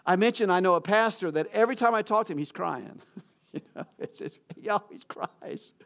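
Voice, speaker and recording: A man with a fairly high voice preaching a sermon. He talks to the congregation in a chatty, informal way, with self-deprecating jokes and frequent restarts. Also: brisk, a bit bright. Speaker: pastor.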